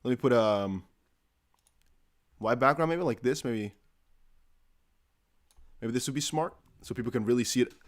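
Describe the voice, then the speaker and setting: A man's voice: mid-range voice, moderate pace, long pauses. A man hosting a casual live stream, chatty and jokey, thinking aloud with many fillers. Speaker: crypto livestream host.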